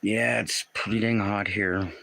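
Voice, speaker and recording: A man's voice: fairly low pitch, steady tone, measured pace, vocal fry, bright, forceful tone, no room sound, rough recording. A man hosting a casual livestream from home, greeting viewers by name and puzzling over their comments. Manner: reads out and answers viewer comments, often confused. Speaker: livestream host.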